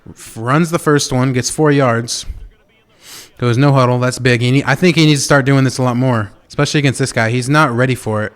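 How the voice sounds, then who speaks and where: A male caster calls a video game football match in a loose, conversational way. His voice sits at an ordinary middle pitch and jumps up when a big play lands. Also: smooth. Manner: casual, chatty calls with quick bursts of excitement. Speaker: esports caster. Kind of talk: play-by-play commentary.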